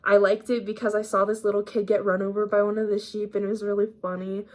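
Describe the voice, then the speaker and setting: Speaking quickly in a level, slightly mellow mid-range voice, an eighteen-year-old woman vlogs her day in a rambling, slangy, casual way. She's a bit under the weather, with a cough that brings up phlegm.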